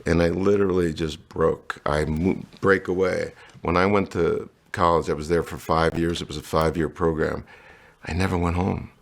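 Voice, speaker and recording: A man's voice: sits low, steady tone, normal speed, gravelly. A middle-aged man from New Jersey, candidly telling his life story in an interview and acting out the lines of people in it. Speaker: guest.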